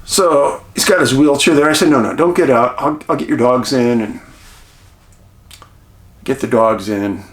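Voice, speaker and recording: A man's voice: mid-range voice, a little slow, long pauses. Chatty man telling a story. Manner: chatty, animated retelling with quoted dialogue. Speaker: host. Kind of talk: casual storytelling to camera. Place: rural home outdoors.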